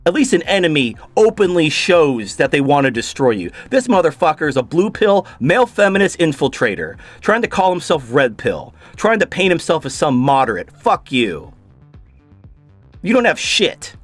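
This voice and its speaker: Furious man ranting, swinging pitch. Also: sing-song, normal speed, no room sound, soft background music. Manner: furious, profane, shouting bursts. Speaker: video host reacting to a clip. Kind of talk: angry ranting commentary.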